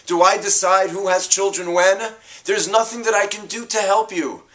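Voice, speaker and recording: A man's voice: medium pitch, sing-song, moderate pace, fairly bright tone. A man voicing an angry husband who defensively says nothing can be done.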